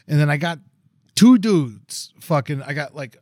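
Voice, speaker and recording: A fairly high-pitched man talks a little slowly on a dry, studio-clean recording. As a podcast co-host in a casual chat, he spins a long tale laced with swearing, animatedly performing quotes in a raised voice.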